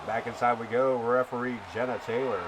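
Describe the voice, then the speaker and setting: A man doing a hammy old-time radio wrestling announcer, nasal and pushed high in the chest. He stretches his words into a booming play-by-play call, and steady noise hums underneath. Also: lightly acted. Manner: booming, drawn-out announcer delivery. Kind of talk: mock play-by-play commentary.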